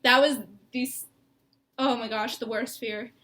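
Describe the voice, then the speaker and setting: Bright high-voiced tearful young woman. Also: fairly even intonation, a little slow. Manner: rambling, laughing through tears. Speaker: co-host. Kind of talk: emotional personal sit-down talk. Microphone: mic.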